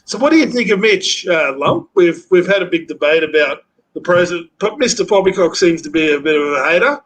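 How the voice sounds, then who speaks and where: A man's voice: sits high, animated, brisk, poor audio. A man hosting a casual live-stream chat, blunt and swearing, often breaking off and restarting.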